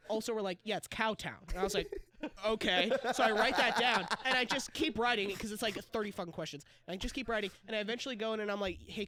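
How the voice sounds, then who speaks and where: Excitable young man telling a story. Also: high voice. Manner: swearing, excitable, laughs through the story. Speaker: podcast co-host. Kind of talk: casual storytelling chat.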